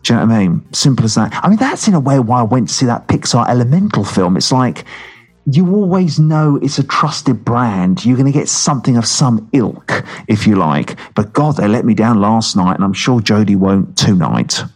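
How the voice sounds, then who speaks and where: A man's voice: mid-range voice, lively intonation, normal speed, breathy edge, soft background music. A man reviewing films in casual podcast chat, talking in a rambling, self-mocking way. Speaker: film reviewer.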